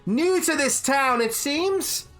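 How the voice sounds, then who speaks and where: A game master voicing a female innkeeper who announces the teams of a tavern drinking contest in slow, drawn-out calls. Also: high voice, expressive, a bit bright, faint music behind, pitched above the performer's own voice, exaggerated voice. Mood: grand announcing.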